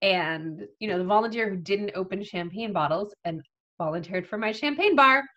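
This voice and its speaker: A woman guest telling a story in a casual chat, lively and acting out what people said. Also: mid-range voice, moderate pace, highs cut off. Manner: lively, acts out quoted people, frequent "like" fillers.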